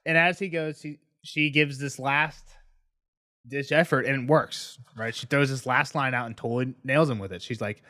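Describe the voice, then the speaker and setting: A man's voice: mid-range voice, normal speed, no echo. A young man in casual podcast chat, swearing and slipping in and out of the characters' voices as he retells a chapter. His voice sits in the middle range. The sound is dry and close. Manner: animated, acts out characters' lines, swears freely. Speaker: podcast co-host.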